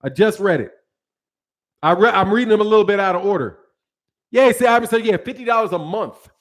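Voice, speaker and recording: A man with a fairly high speaking voice hosts a boxing live stream. He talks in emphatic, repetitive bursts, stressing each point twice over between viewer chat messages. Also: animated, fairly quick. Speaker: boxing channel host. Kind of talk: live-stream commentary reading viewer chats.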